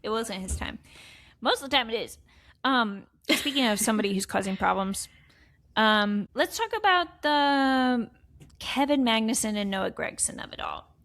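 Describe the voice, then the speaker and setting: A woman's voice: on the high side, animated, normal speed, a bit bright, no room sound. A woman co-hosting a podcast, chatting casually about motorsport in a blunt, sweary way and laughing often. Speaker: podcast co-host.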